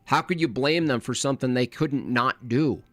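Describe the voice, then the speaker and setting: A man's voice: mid-range voice, normal speed, a bit bright, dry recording. A man hosting a live reaction stream, his talk combative and openly scornful. He slips into silly mimicking voices to mock the people he argues against. The sound is dry and close, with no room around it.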